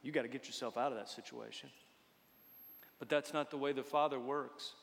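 A man preaching a folksy, humorous sermon, swinging between loud exhortation and hushed tones. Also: medium pitch, steady tone, fairly quick, vocal fry, big-room sound, a little hiss or hum.

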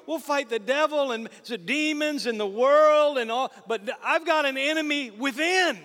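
A man's voice: extremely high pitch, big-room sound. A man preaching a sermon in a church, telling stories animatedly and speaking directly to the congregation. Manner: animated storytelling with asides to the congregation. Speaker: pastor. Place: church sanctuary.

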